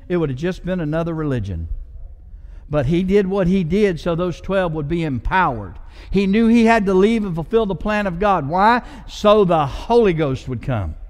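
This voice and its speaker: A male pastor delivers a sermon with a fairly high voice that swells with passion and then settles into casual asides. The sound rings with the long reverb of a church sanctuary. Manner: passionate preaching with conversational asides.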